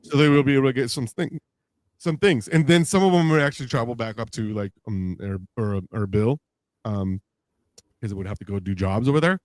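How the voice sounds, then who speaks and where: Animated storytelling man, dry mic. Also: medium pitch, brisk, no echo. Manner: animated storyteller, acts out quoted voices with laughs. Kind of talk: casual podcast chat.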